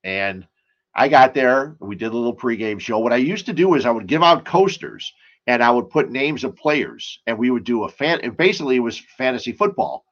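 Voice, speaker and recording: A man's voice: medium pitch, lively intonation, brisk, fairly bright tone, muffled recording. A man hosting a casual sports and beer talk show, rambling and chatty, full of asides and stories.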